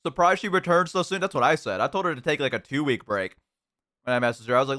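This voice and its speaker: A man's voice: mid-range voice, fast talker, pushed and bright. A man streaming, chatting casually with his viewers while eating, rambling with lots of fillers and restarts. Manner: rambling, self-deprecating, many fillers and restarts.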